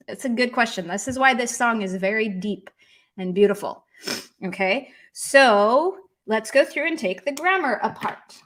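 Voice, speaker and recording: An American woman, a native English speaker, teaches Russian in a live-streamed lesson. Her slightly high voice sounds pushed and bright, and she keeps a measured pace while thinking aloud in a loose, chatty way full of ums and likes.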